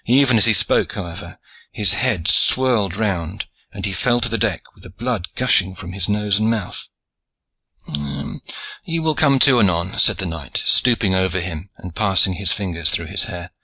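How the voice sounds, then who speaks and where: A man narrating an audiobook in a measured storytelling way, close to the mic. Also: deep voice, pushed and bright, slightly rough. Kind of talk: scripted narration.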